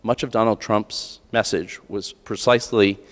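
A keynote speaker, an American man from the United States, addresses a large conference hall in a fairly low, steady voice at a normal speed. His delivery is earnest and conversational, often restarting phrases and tossing in "right?" asides. The recording carries a long hall reverb.

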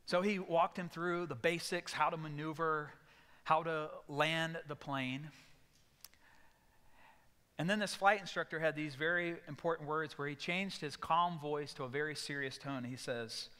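A man's voice: fairly high pitch, measured pace, sharp tone, clear, resonant tone, big-room sound. A male pastor giving a sermon, telling stories and acting out voices in bursts. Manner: storytelling with sudden acted outbursts. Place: church sanctuary.

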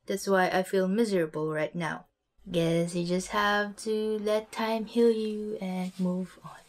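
Woman, relaxed language teacher, chatty and unhurried. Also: medium pitch. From Philippines. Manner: relaxed, chatty explanations with light laughs. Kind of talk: casual vocabulary lesson.

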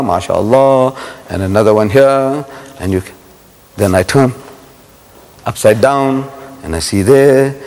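An older man from South Africa with a South African accent, giving a religious lecture to a live audience as an animated storyteller who keeps asking the crowd questions. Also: mid-range voice. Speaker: Islamic lecturer. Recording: echoey hall with long reverb.

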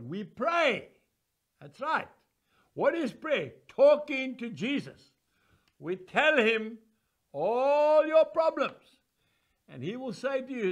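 A man's voice: big pitch swings, slow pace. Older man preaching with force. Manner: forceful and emphatic, swinging from booming to hushed. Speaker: evangelist preacher. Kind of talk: sermon.

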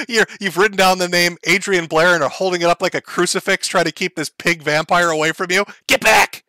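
A man's voice: high-pitched, lively intonation, moderate pace, pushed and bright, no echo. A man hosting a comedic commentary show, mocking and profane, often laughing at his own jokes. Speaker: commentary host.

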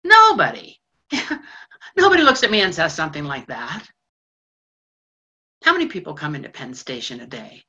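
A shy, lonely cleaning woman in a train station, pouring her heart out on stage. Her voice sits a little low yet rings bright and forceful, rushing and catching on her words. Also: highs cut off, full character voice. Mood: wistful. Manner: confiding, breathless rushes of feeling. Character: lonely middle-aged female station janitor, shy. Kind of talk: stage monologue in a theatre broadcast.

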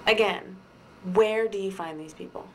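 A woman playing a sharp-tongued, sarcastic ex-girlfriend with biting comebacks. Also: mid-range voice, moderate pace, a little hiss or hum, lightly acted. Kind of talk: indie comedy drama acting.

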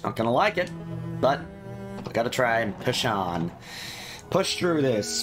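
A man's voice: mid-range voice, very animated, moderate pace, pauses often, music in the background. A man giving casual, joking let's-play commentary, swearing freely. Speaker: game streamer.

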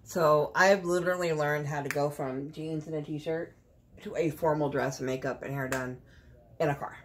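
A middle-aged woman chatting casually through a beauty unboxing, blunt and quick to cuss. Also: sits low, steady tone, a little hiss or hum. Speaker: beauty vlogger.

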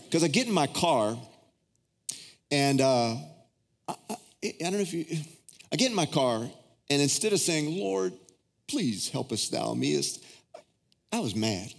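A middle-aged pastor with a drawl preaching to his congregation, his voice carrying through the long reverb of a big church hall. He sits at a middle pitch in plain narration, then jumps much higher when he acts out his pleading prayers, telling personal stories in a loose, unscripted way. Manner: storytelling, swings into high excited acted-out prayers. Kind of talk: sermon. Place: large church auditorium.

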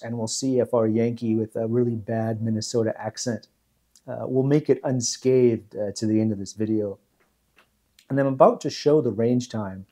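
A man hosting a history video, explaining in a relaxed, measured way with frequent pauses. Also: medium pitch. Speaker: host.

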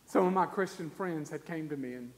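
A man, preaching a sermon and telling a personal story, his voice swinging from hushed to loud. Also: on the high side, fairly quick. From South Carolina. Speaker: guest preacher. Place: church sanctuary. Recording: long church reverb.

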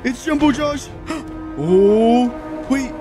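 A woman playing a video game with a friend, gasping and repeating herself in nervous excitement. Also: on the high side, brisk, music in the background. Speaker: gaming channel host. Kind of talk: excited let's-play commentary.

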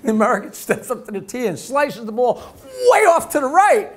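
A man's voice: very high voice, very animated, brisk. A man hosting a live comedy show, telling brash jokes and laughing often on a club stage. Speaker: comedy host. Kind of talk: live stand-up banter.

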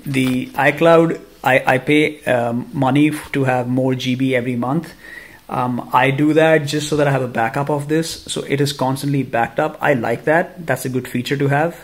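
A man with an Indian accent giving a casual phone review, ranting in an animated, exasperated way. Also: medium pitch. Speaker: tech reviewer.

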